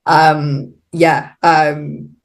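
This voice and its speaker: A woman's voice: low voice, flat delivery, drawn-out words, gravelly. A middle-aged woman, a guest on a podcast, talking reflectively and casually, laughing often. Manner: reflective, laughs often, quotes herself in little voices. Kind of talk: casual interview chat.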